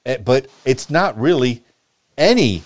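A man's voice: medium pitch, big pitch swings, unhurried, dry recording. Stammering American man, dry sound. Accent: neutral American broadcaster. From Miami, Florida, USA. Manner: stammers, restarts often. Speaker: podcast host. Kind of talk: casual interview chat.

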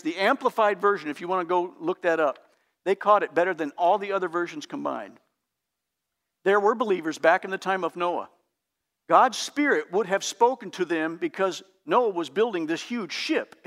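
A pastor preaching a sermon in an earnest, emphatic, teacherly way. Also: male voice, high voice, a bit bright.

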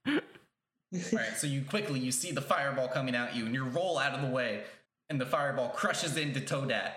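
A man's voice: medium pitch, fairly quick, echoey room. A man running a tabletop game as game master, narrating casually and swearing now and then. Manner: casual, swears, puts on shouted voices for characters.

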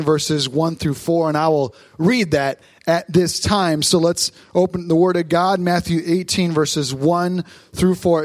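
A man, a pastor in his thirties, preaching a sermon on stage in church, telling family stories in a lively, animated way. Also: on the high side, no echo. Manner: warm storytelling, lively, quick asides.

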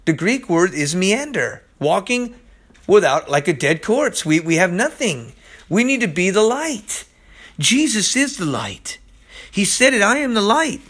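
A man's voice: high voice, very animated, unhurried, a bit bright. A man preaching a podcast sermon, urgent and pleading, who keeps repeating "listen" to his listeners. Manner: impassioned, pleading.

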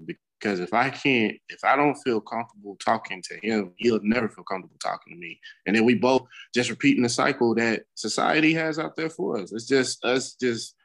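A middle-aged man co-hosting a casual podcast, his voice sitting at an ordinary middle pitch. He talks candidly and cusses freely while he tells a story, his speech loose and unscripted. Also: brisk, few pauses, a bit bright, poor audio. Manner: candid, profane storytelling with bursts of laughter. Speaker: podcast co-host. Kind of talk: casual chat.

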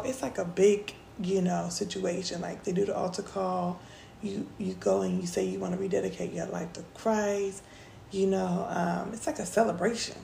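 A young woman tells a personal story on her podcast in a loose, chatty way, calling her listeners y'all. Her voice is heavily gravelly and mellow. The room echoes, with faint ambience behind her. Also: medium pitch, slight background noise. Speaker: podcast host. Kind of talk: casual storytelling.

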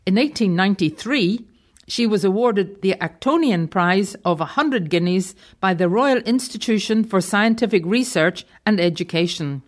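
Woman giving a measured history talk. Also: medium pitch, expressive. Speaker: guest contributor telling history stories. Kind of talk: prepared talk read from a script.

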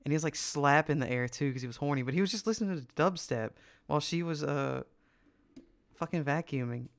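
Rambling young man with a slightly high voice. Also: brisk, creaky. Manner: rambling storytelling, lots of "like", bursts of laughter. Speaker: podcast co-host. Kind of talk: casual crude chat.

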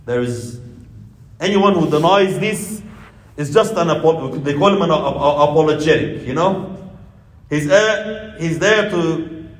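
High-voiced preacher man in a roomy space. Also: animated, a little slow, long pauses. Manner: impassioned, mixes in Arabic religious phrases; addresses listeners as brothers and sisters. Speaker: Islamic preacher. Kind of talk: sermon.

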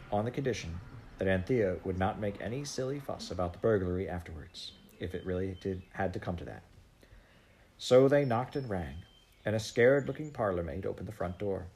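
A man reads a children's storybook aloud. His voice is low and steady, and his reading is measured. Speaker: audiobook reader. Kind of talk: storybook narration.

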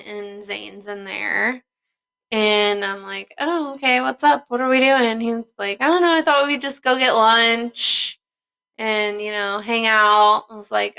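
A young woman tells a story in a relaxed chat with a friend, acting out what people said and laughing often. Her voice is a little high and gravelly with plenty of vocal fry, and her tone is bright. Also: low-quality recording. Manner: laughs often, acts out quoted dialogue.

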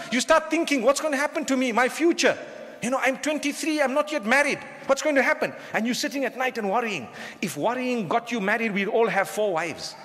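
A man gives a lively sermon, his voice sitting unusually high for a man. He teases the listeners, asks them questions and mimics everyday people. The sound lingers in a long echo that fills a large hall. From southern Africa. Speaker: Islamic preacher. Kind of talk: lecture-style sermon to a live audience.

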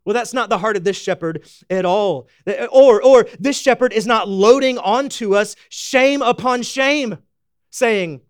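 A man preaching a sermon, folksy and animated, swinging from loud exclamations to hushed emphasis. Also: high-pitched, unhurried, no echo, clean studio sound. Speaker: pastor.

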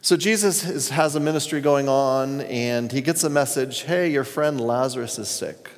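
A man's voice: mid-range voice, normal speed. Earnest male pastor in a reverberant hall. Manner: earnest storytelling, reads scripture aloud. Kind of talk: sermon.

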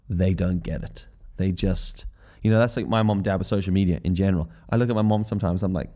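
Mellow, low-voiced man. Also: fast talker. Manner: swears freely and acts out little scenes in quoted voices. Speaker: podcast host. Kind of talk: casual comedic monologue.

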